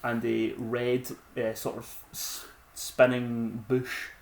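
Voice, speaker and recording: A man's voice: mid-range voice, monotone, slow, vocal fry, a little hiss or hum. A man co-hosting a podcast in casual chat, wryly reading web copy aloud and mocking it. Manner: wry, reads text aloud with mock emphasis. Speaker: podcast co-host.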